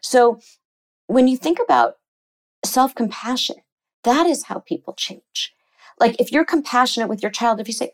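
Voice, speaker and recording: A woman psychotherapist talking in an interview, animated and explaining ideas, often slipping into quoted voices. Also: on the high side, normal speed. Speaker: psychotherapist guest. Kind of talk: conversational interview.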